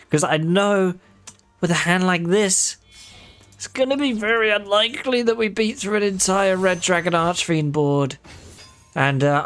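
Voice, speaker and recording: A man's voice: sits high, fairly bright tone. A man giving casual, wry commentary on his own gameplay, swearing freely and talking straight to his viewers. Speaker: gaming video creator.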